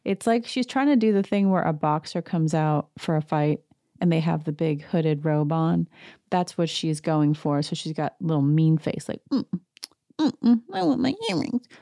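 A woman with a fairly low voice hosts a casual reality TV recap, full of sarcastic and gossipy asides. The sound is dry and close, with no room echo. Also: moderate pace, dark tone.

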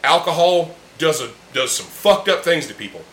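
A man with a slightly high, lively voice hosts a casual podcast chat at a moderate pace, sounding a bit bright. Sharing beers with friends in a room, he talks bluntly and heatedly, swearing heavily. The recording has a roomy echo and a faint background hum.

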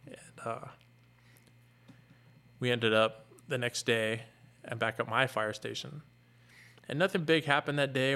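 Bright-voiced man telling a hard story. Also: mid-range voice, creaky. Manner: earnest, halting, emotional retelling with restarts. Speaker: fire captain and guest. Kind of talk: candid personal storytelling.

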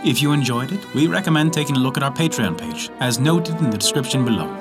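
A man hosting a folk tale podcast, narrating in an expressive, measured storytelling manner. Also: mid-range voice, music in the background. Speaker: storyteller host.

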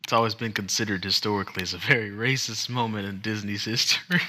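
A man co-hosting a casual podcast, joking and teasing his partner and reading news headlines aloud at a slow, deliberate pace. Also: fairly low pitch, steady tone, sharp tone. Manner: joking and teasing, reads articles slowly and deliberately. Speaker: podcast co-host.

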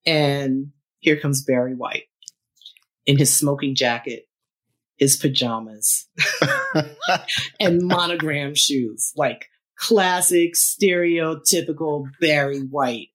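A woman in her fifties, a musician guest, telling a story in a casual interview, laughing often and acting out the lines of other people. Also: deep voice. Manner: animated, laughs often, acts out quotes.

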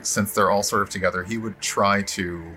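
A man's voice: fairly low pitch, fairly even intonation, moderate pace, sharp tone, soft background music. A man playing a tabletop game, thinking aloud in a rambling way with many fillers. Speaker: player. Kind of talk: tabletop role-play chat.

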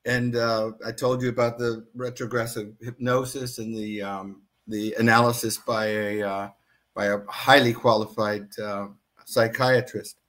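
A man's voice: lowish voice, flat delivery, unhurried, a bit bright. A man, an author, reading from his book and then talking earnestly about it as a guest, with many restarts. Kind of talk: book reading and interview talk.

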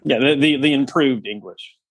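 A man's voice: mid-range voice, moderate pace, crowd noise. A man hosting a casual podcast chat, teasing his guests with wry banter. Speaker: podcast host.

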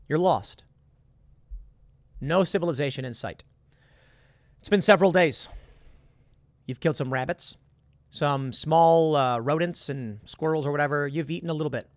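Man, fairly high voice, earnest monologue host, bone-dry close recording. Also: dry recording. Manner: earnest, repetitive, rhetorical questions. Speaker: commentator. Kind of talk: casual monologue with hypotheticals.

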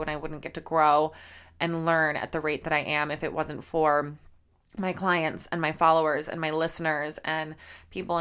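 A woman's voice: deep voice, fairly bright tone, clear, resonant tone. A young woman hosting a casual solo podcast, heartfelt and gushing, teary and close to crying, with lots of repeated words and fillers. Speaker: podcast host and fitness instructor.

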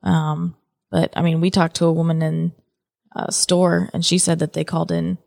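A woman with a mid-range, gravelly voice co-hosts a casual travel podcast. She hesitates with lots of fillers and slips in jokes. The sound is dry and close. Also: sits low, little pitch movement, normal speed, a little mellow, no room sound. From United States. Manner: hesitant, joking, many fillers. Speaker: podcast co-host.

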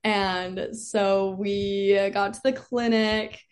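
A woman's voice: mid-range voice, steady tone, slow pace. A young woman, a college cheerleader, telling her story as a guest in casual conversation, chatty and full of "like" fillers. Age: young adult. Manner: chatty, peppered with "like", laughs often.

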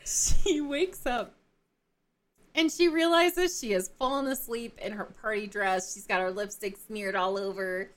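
A woman podcast co-host casually recapping a novel, telling the story in an animated way with frequent laughs and fillers. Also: mid-range voice, unhurried. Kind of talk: casual book-club chat.

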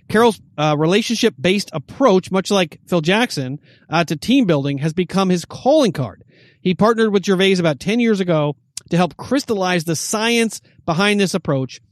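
Male host, high-pitched, rambling, reads sports news, very dry studio mic. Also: lively intonation, normal speed, no room sound. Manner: rambling, stammers and restarts. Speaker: podcast host. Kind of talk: casual sports chat and reading news.

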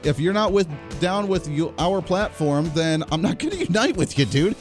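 A man's voice: high-pitched, lively intonation, normal speed, faint music behind. A man hosting a political talk radio show, speaking bluntly and sarcastically into a studio microphone.

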